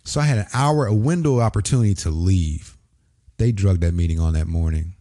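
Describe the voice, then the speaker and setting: A man from Springfield, Illinois, telling a lively story in casual talk and acting out the voices of the people in it. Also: low voice, brisk, no room sound, studio quality. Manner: animated storyteller, acts out quoted voices. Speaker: podcast guest.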